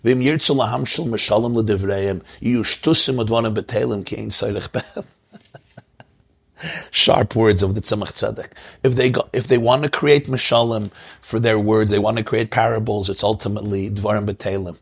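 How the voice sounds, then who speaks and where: Gravelly, low-voiced rabbi teaching. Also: male voice, moderate pace. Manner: chuckles often, storytelling, repeats key phrases. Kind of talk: Torah lecture.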